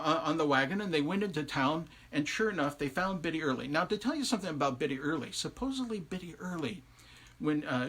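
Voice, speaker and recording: A male storyteller spinning an old folktale with lively asides to his audience. His voice sits a little high, bright and forceful, with a husky grain. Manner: conversational, asides to listeners, animated. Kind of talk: oral folktale telling on a livestream.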